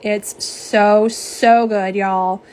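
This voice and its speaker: On her casual nail polish livestream, recorded on a phone camera at her home setup, a middle-aged woman bubbles along, chatting with viewers and reading their comments aloud. Her medium-pitched voice has a darkish tone and fairly even intonation, and she talks extremely slowly.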